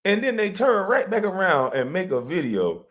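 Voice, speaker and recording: A man's voice: high voice, sing-song, normal speed, fairly bright tone. A man hosting a livestream, ranting profanely and mockingly, breaking into laughter. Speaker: livestream host. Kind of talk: profane comedic rant.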